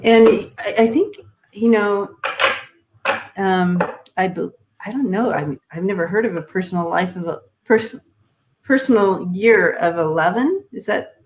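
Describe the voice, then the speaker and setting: A woman's voice: medium pitch, measured pace, background noise. A woman co-hosting a live stream, giving loose, hesitant tarot readings with many fillers. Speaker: co-host and tarot card reader.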